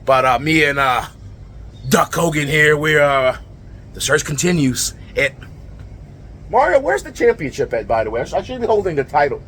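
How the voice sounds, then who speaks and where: A man cutting a brash, rambling comedic wrestling promo, full of fillers and sudden yells. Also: fairly high pitch, moderate pace, slight background noise.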